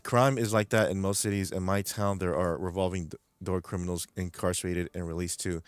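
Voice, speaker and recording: A man's voice: low voice, fairly even intonation, fairly quick, no room sound. Fired-up New York guy on a stream, swears a lot, dry close sound. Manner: angry, profane, repeats words. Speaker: livestream host. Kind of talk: ranting livestream chat. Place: home streaming room.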